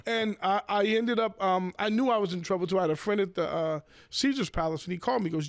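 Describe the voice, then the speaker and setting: A man, a professional sports bettor, telling casual stories with swearing, restarts and loud acted-out quotes. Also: high voice, fast, gravelly, no echo, studio quality. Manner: animated, repeats words, swears, acts out quotes in raised voice. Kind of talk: casual storytelling.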